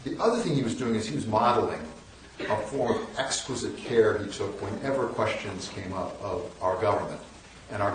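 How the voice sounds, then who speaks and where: This is a storytelling lecture by a man in his sixties, originally from the northern U.S., who jokes wryly at his own expense and restarts often. He speaks with a fairly low pitch. Recorded from afar in a big, echoey lecture hall, the audio carries slight background noise.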